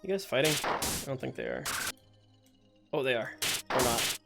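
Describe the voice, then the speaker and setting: Speaking at a moderate pace with vocal fry, this man chats loosely while playing, an expressive, joking streamer who laughs at his own mistakes. His pitch is middling, and his desk mic picks up game music and bursts of gunfire.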